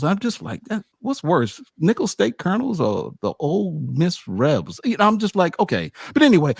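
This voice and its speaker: A man with an animated, stammering manner, telling a casual story as a sports media host. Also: a little high, dry recording, clean studio sound. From United States. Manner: animated, acts out quotes, frequent stammered restarts.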